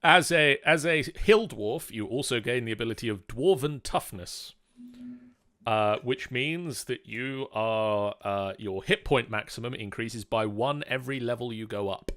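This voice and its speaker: A man's voice: medium pitch, measured pace, no echo, clean studio sound. A man acting as game master, patiently reading out rules while a player builds a character over a voice call. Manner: steady, patient rule-reading with fillers. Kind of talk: explaining rules during character creation.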